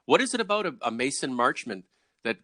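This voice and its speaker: A man with a bright, forceful voice hosts a casual hockey talk with plenty of energy. He asks questions and reads out viewer comments, recorded dry and close. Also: medium pitch, very animated, fairly quick, no room sound. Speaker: host.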